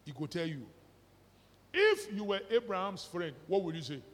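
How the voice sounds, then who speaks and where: A man's voice: high-pitched, very animated, moderate pace. A middle-aged man with a Nigerian accent preaching a sermon, mixing pidgin and English and firing rhetorical questions at the congregation. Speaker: pastor. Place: church hall. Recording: reverberant church hall recording.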